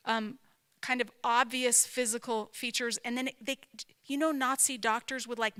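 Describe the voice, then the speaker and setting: Pitched fairly high, the voice sounds pushed and bright. A female author and speaker, not Southern American, delivers a chatty teaching talk, reflecting, emphasizing, and thinking aloud through questions to herself.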